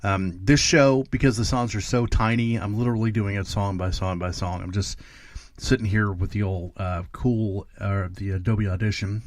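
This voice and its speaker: Man rambling loosely in a low dry voice. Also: dry recording. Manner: rambling, many fillers and restarts; easygoing, joking. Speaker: podcast host. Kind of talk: casual chat between songs. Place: seated at home editing desk.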